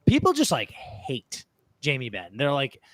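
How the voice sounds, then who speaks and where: A man co-hosting a live sports podcast, talking in an animated, argumentative way and swearing freely. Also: mid-range voice, a little slow, no room sound, clean studio sound. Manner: animated, swears freely, argues his point. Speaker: podcast co-host. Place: podcast studio.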